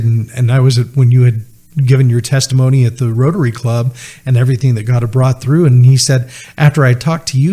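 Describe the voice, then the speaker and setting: A man's voice: medium pitch, mellow, breathy edge. A man, telling a personal story as a podcast guest, earnestly retelling conversations. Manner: earnest, retells dialogue with many "he said" asides.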